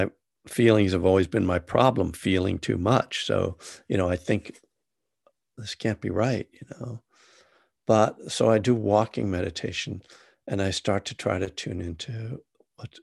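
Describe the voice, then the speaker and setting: A man's voice: deep voice, creaky, breathy edge, no echo, studio quality. A man, an author, telling a personal story in a casual, rambling, self-deprecating way with many restarts.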